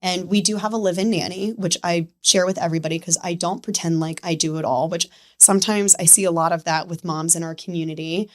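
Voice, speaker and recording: A woman's voice: fairly low pitch, fairly even intonation, a little fast, hardly any pauses. A woman in her thirties, a podcast guest, talking candidly in casual conversation and acting out little quoted exchanges as she tells her story.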